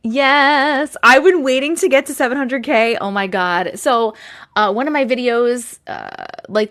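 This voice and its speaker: Chatty, higher-pitched woman host greeting live viewers, casual and rambling. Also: fairly bright tone. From Long Island, New York. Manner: chatty, greets viewers by name with rising lilt. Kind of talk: casual livestream chat.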